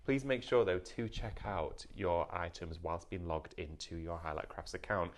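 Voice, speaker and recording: A man's voice: low-pitched, normal speed. A man hosting a live craft shopping show, in an upbeat, salesy patter.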